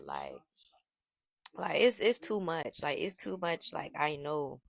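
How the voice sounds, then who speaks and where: Brash, low-voiced woman telling a story. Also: takes it slowly, vocal fry. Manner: brash, profane, animated retelling. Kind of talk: casual storytime.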